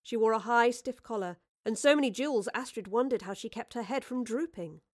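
A woman narrating a storybook with a measured, expressive reading. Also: on the high side.

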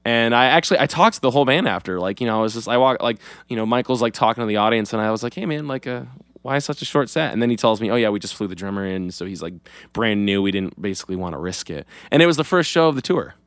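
A man's voice: fairly low pitch, expressive, rapid-fire, a bit bright, no echo. Young man rambling with lots of fillers. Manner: rambling, heavy on fillers and "like", swears freely. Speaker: podcast co-host. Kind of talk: casual chat.

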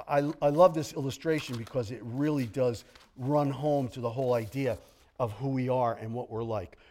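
A middle-aged man preaching a sermon as pastor, animated and jokey, slipping into grumbling impressions. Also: a little high.

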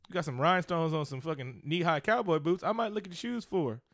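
A man co-hosting a casual comedic podcast, talking in a profane, animated, mocking way. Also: on the high side, fast talker, no room sound, clean studio sound. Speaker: co-host.

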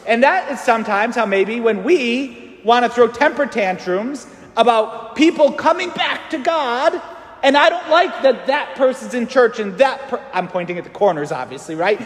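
A man preaching a sermon as a priest, animated and acting out the voices in the story. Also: very high-pitched, moderate pace. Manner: animated, acts out quoted voices. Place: church. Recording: echoey church hall.

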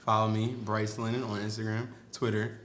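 A man's voice: on the low side, level tone, brisk, a bit bright, echoey room. Upbeat man in his thirties. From South Jersey, US. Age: 30s. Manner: upbeat, laughing. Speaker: podcast guest. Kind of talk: casual chat.

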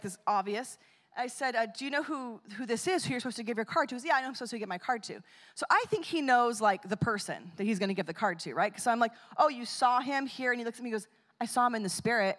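A woman telling a story in a sermon, animated and acting out the quotes. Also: a little high. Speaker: speaker at a church or conference. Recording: long hall reverb.

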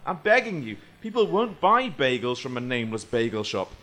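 A man's voice: medium pitch, sing-song, fairly quick, a bit bright. A man playing a touchy male bagel shop owner in his own voice, pleading, then scolding with indignation.

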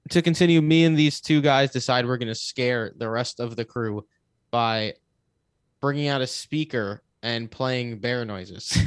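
A man's voice: medium pitch, clear, resonant tone, no echo. Dry-voiced young man telling a story. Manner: animated, swears, laughs while telling. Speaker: podcast co-host. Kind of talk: casual storytelling.

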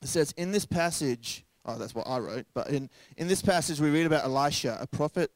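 A man's voice: on the high side, a little fast, dry recording. A young man preaching a sermon in a casual, joking way, acting out quoted voices along the way. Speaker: pastor.

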